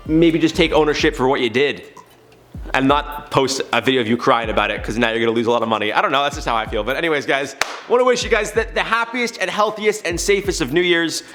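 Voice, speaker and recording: A man delivers casual news commentary at a rapid clip, chatty and opinionated throughout. His voice sits a little higher than most men's. Faint music plays underneath. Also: a bit bright. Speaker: YouTube news commentary host.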